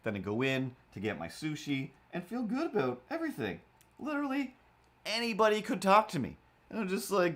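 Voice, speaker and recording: A man's voice: high voice, brisk. A man in his forties casually telling an anecdote on a livestream, acting out voices as he goes. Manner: animated, acts out voices in anecdotes. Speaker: livestream host.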